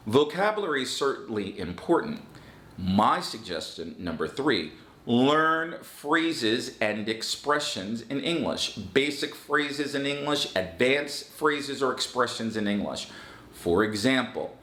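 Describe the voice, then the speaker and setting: Slow, deliberate man teaching English. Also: medium pitch, big pitch swings, a bit bright, roomy sound. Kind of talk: online English lesson.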